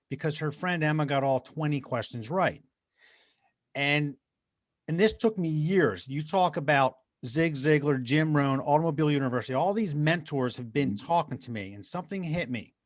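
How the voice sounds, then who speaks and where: A man's voice: a little high, normal speed, no room sound, studio quality. A middle-aged man, a guest motivational speaker, telling personal stories in an earnest, conversational interview style. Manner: earnest, anecdotal, addresses host by name.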